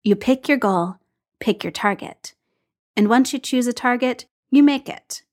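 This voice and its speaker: A calm, dry-humored man, read by a woman in her own voice, steady and measured. He speaks in even, understated phrases with a quiet fondness underneath. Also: a little high, pitched above the performer's own voice, lightly acted.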